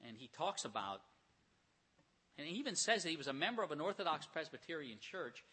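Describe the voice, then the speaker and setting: A man preaching a sermon, retelling scripture stories with animated storytelling and acted-out voices. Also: on the high side, a little fast, breathy edge. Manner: animated storytelling, acts out characters.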